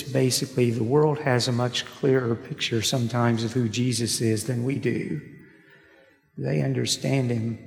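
A man preaching a sermon, telling stories with slow, deliberate pauses, recorded in a church sanctuary. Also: mid-range voice, gravelly. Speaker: pastor. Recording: echoey hall, long reverb.

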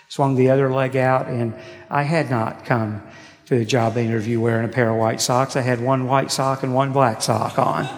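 Gravelly preacher in an echoing hall. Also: male voice, medium pitch. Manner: storytelling preacher, slow deliberate pauses. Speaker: pastor. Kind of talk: sermon. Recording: echoey hall, long reverb.

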